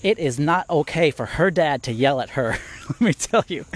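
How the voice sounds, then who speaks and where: A man's voice: fairly high pitch, expressive, moderate pace. A middle-aged man hosting a podcast, giving a casual devotional talk while walking outdoors, thinking aloud with restarts. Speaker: podcast host.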